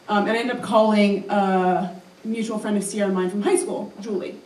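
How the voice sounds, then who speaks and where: A woman's voice: medium pitch, steady tone, a little fast, darkish tone, recorded from a distance. A young woman telling a personal story live on stage, chatty and self-mocking, with lots of "um" and "like". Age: young adult. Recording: roomy live hall, voice from afar.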